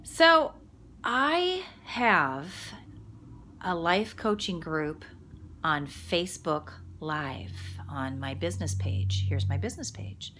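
A middle-aged woman life coach talking casually and warmly about feeling good, laughing at herself and sometimes dropping to a whisper. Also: lowish voice. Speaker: quantum healing practitioner and life coach. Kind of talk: casual motivational monologue.

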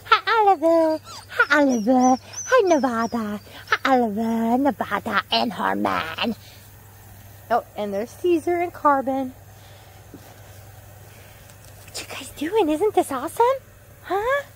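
A woman outdoors talking to puppies in a high, sing-song baby-talk voice. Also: expressive, unhurried, a little hiss or hum. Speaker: dog owner filming puppies. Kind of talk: casual chat to puppies. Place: outdoors in a yard.

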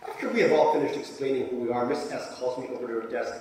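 A man's voice: mid-range voice, rapid-fire, a little mellow. A Soviet-born male author reads from his memoir to a live audience with dry, self-deprecating humor. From Soviet Union. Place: large lecture hall. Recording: echoey hall from far off.

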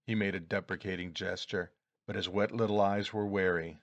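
Low-voiced man narrating a story. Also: steady tone, normal speed, dry recording. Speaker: audiobook reader. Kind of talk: first-person story narration.

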